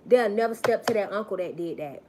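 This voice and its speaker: A woman's voice: mid-range voice, expressive, a little fast, noisy background. A woman giving a live-stream spiritual message, emphatic and preachy, repeating phrases for stress.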